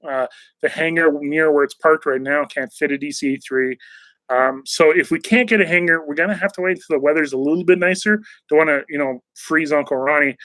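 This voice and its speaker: A man with a slightly higher voice chats casually on a live stream, reading out viewer questions and answering them at length. He rambles, pauses on fillers and restarts his sentences. The sound is dry and close, with no room echo. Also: fairly bright tone. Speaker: host of a live chat.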